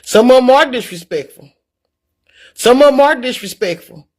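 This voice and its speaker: A woman talking casually to her viewers in a vlog, in an animated, preachy, folksy way. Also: a little high, normal speed. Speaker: vlogger. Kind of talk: casual talk to camera.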